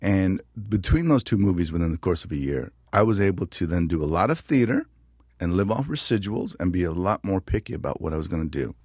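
Middle-aged male actor, low voice, lively anecdotes, dry studio sound. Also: a little fast, breathy edge, dry recording. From New Mexico. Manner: animated storyteller, acts out voices. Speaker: actor guest. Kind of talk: interview conversation.

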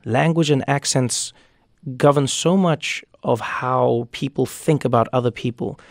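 Gravelly man telling stories. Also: medium pitch, no room sound, studio quality. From South Africa. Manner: animated storyteller, quick asides, repeats words when starting thoughts. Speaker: guest, comedian and author. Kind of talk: radio interview conversation.

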